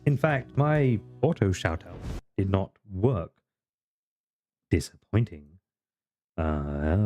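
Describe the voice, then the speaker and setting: A man's voice: low voice, very animated, slow, long pauses, dull audio, faint music behind. A man live-streaming a video game, chatting casually with viewers, swearing often and teasing in mock-grumpy banter. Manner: greets and chats with viewers while playing.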